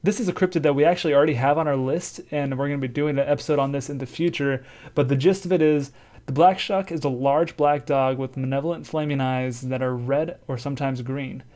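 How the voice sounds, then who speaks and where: Male podcast host, casual chat, easygoing and talkative, average pitch. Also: steady tone, a little fast, darkish tone. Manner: chatty, laughs easily, loose and informal.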